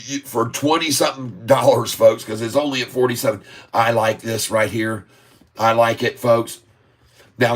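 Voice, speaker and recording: Excited price-move calls come from a mid-range male voice on a live stock-market stream. The host draws his chart calls out in a sing-song way and keeps calling his viewers folks.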